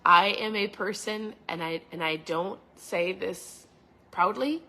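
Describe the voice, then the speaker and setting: A woman's voice: mid-range voice, slow. A middle-aged woman hosting a motivational podcast, talking casually to her viewers and acting out her own past conversations. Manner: animated, acts out her own past dialogue. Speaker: podcast host.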